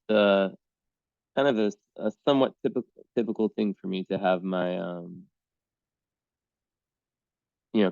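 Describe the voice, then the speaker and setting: Rambling male astrologer, low voice, casual client reading, dull dry sound. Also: dry recording. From United States. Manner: rambling, full of "like" and "um". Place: small room in the downstairs of a house. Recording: dull, dry home recording.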